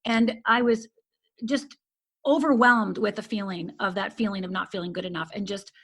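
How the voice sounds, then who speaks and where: A middle-aged woman from Upper Michigan, appearing as a life coach guest, earnestly and intensely tells a painful personal story. Her voice is medium-pitched with fairly even intonation at a moderate pace, often dropping to a hush at the hardest moments.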